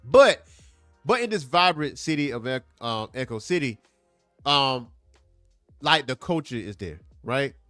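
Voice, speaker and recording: A man hosting a casual comic book review, talking in an animated, emphatic way and repeating points for effect. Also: medium pitch, measured pace, pauses often, no echo, faint music behind. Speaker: comic book show host.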